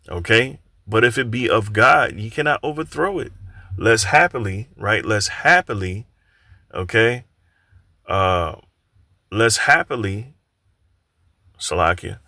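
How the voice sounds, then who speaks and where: A man teaching from scripture in a halting way, often repeating words and saying "all right" between points. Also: lowish voice, bright, forceful tone.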